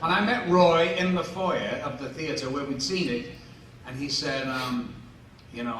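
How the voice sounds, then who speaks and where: A man's voice: mid-range voice, moderate pace, fairly bright tone, distant mic, a little hiss or hum. A man, telling a self-mocking story on stage to fans, acting out the voices of the people in it. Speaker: actor answering fan questions. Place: large convention hall. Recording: echoey hall, mic heard from afar.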